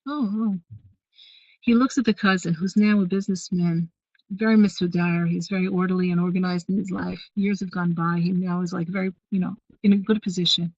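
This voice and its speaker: A woman's voice: lowish voice, steady tone, fairly quick, no echo. Woman teaching, dry lo-fi sound. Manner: storytelling with many fillers and restarts, warm asides. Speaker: teacher of a women's course. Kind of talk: teaching, retelling a Hasidic story.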